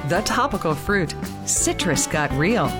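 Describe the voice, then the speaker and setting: A woman's voice: on the low side, big pitch swings, unhurried, over music. A woman reading a breezy podcast promo.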